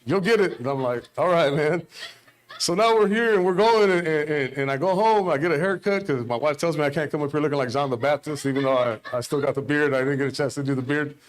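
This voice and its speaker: A man's voice: fairly high pitch, fast talker, hardly any pauses. A middle-aged man giving an informal sermon at a church service, rambling and conversational, telling stories with quoted dialogue. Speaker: lay preacher.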